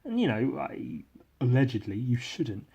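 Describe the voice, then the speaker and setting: A man's voice: mid-range voice, very animated, measured pace, gravelly, husky, muffled recording. A man hosting a solo podcast, rambling in a bitter, sarcastic, self-deprecating way and swearing a lot into a podcast microphone. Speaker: podcast host.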